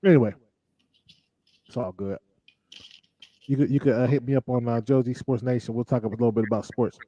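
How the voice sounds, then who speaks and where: A man's voice: mid-range voice, fairly even intonation, a little fast, warm tone, no room sound, lo-fi sound. A man co-hosting a casual talk show, chatting in a laid-back, drawling way with mocking asides. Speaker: podcast co-host. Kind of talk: casual chat.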